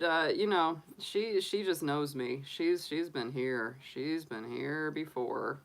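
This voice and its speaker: Low-voiced congested woman, chatty and doting. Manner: soft, doting, chatty with frequent fillers. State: sniffly, congested from allergies. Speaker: tarot reader and livestream host. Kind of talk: casual livestream chat.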